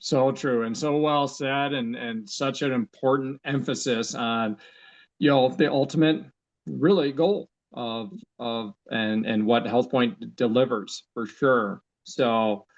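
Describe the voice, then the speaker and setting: A man hosting a casual group chat, affirming and measured as he moves things along. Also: mid-range voice, fairly even intonation, lo-fi sound. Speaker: host.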